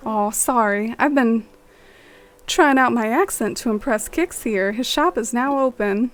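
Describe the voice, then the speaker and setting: A woman's voice: fairly high pitch, a little slow. A young woman streaming a game, chatting in a friendly way with viewers and musing aloud. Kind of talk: casual chat with viewers.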